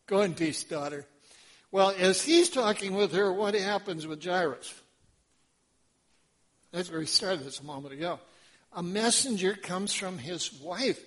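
A male pastor preaching a sermon, telling a story in an animated way, acting out voices and quizzing the congregation. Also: high-pitched, a little slow.

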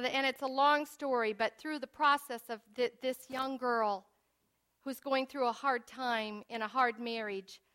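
A woman preaching a sermon in an earnest way, moving from hushed asides to emphatic declarations. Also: sits high.

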